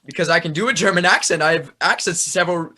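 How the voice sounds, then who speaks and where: A man plays a vain young actor in a stage play who keeps defending himself and bragging about his accents. His voice sits high and bright. He rambles and circles back on his point. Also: racing, a little hiss or hum. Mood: defensive. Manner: defensive, boastful, meandering. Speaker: actor in a rehearsal scene.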